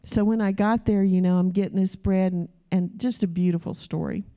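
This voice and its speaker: A woman's voice: medium pitch, steady tone, a little fast. A woman preacher giving a chatty, storytelling sermon with asides to the congregation, recorded on a dull lo-fi recording. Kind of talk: conversational sermon.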